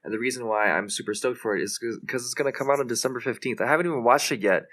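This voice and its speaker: A young man co-hosting a podcast, chatting casually in a joking, deliberate way. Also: medium pitch, fairly bright tone. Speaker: podcast co-host. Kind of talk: casual chat.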